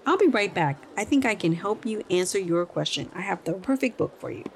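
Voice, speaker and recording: A woman's voice: medium pitch, lively intonation, fairly quick, natural voice. A woman voicing a kindly, helpful female librarian in a children's story, patiently explaining things.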